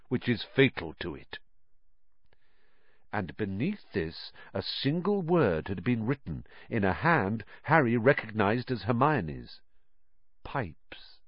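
A man reading an audiobook, narrating in a measured, expressive storytelling manner. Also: mid-range voice, dry recording, lo-fi sound. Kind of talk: scripted narration.

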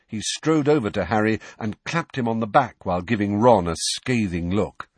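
A man narrating an audiobook in an expressive storytelling manner. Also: on the low side, moderate pace, hardly any pauses, breathy edge, dry recording. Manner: expressive storytelling with many character voices. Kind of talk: scripted narration.

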